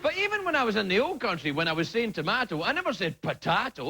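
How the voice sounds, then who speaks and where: A man in his forties delivers a late-night comic monologue, his voice sitting high and leaping wildly in pitch. He swings into mock-outraged outbursts. Loud audience noise sits behind him in the studio. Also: sing-song, fast talker, few pauses. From Scotland. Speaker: late-night talk show host. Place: TV studio stage before a live audience.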